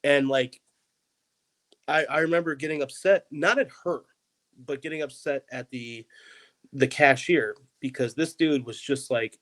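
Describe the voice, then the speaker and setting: A man's voice: mid-range voice, moderate pace, a bit bright, rough recording. A young man with a voice in the middle of the male range tells a story in easygoing podcast chat. He rambles and fills his talk with "like" and "you know.". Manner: rambling, heavy use of "like". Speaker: comedian guest.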